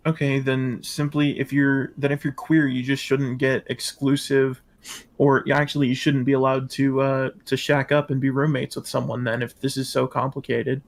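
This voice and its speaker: A man riffing on a livestream in a sarcastic, mocking way. His voice sits at an ordinary middle pitch. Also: level tone, normal speed. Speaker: livestream co-host. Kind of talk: casual livestream commentary.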